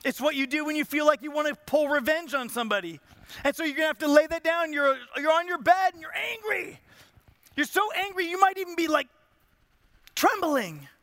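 A man preaches with a strikingly high, bright voice. He drives his points home with rhetorical questions and swells in intensity. The sound is dry and close. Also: brisk, no room sound. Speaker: pastor. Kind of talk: sermon.

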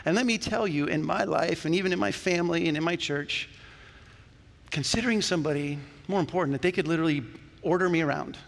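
A male pastor preaching a sermon in a church, talking to the congregation in a conversational, animated way with jokes along the way. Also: fairly high pitch, quick pace, vocal fry. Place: church sanctuary. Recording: long reverb of a church hall.

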